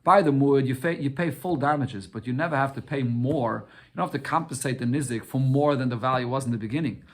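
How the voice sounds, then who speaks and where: A man's voice: mid-range voice, brisk, few pauses. A man teaching a daily Talmud lesson, reading short Aramaic phrases and explaining them step by step, often repeating words and asking and answering his own questions.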